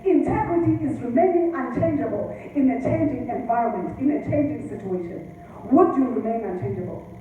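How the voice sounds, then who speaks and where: High-voiced woman preaching in echoey hall. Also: lively intonation, brisk, narrow, tinny audio. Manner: emphatic, repeating phrases. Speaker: pastor. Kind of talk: sermon. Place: church hall. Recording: echoey church hall, distant mic, faint noise.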